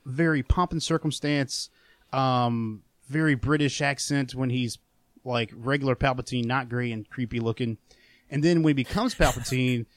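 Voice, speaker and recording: A man's voice: mid-range voice, no room sound. Man hosting a casual chat. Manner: inquisitive, prompts the others with questions. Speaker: podcast host.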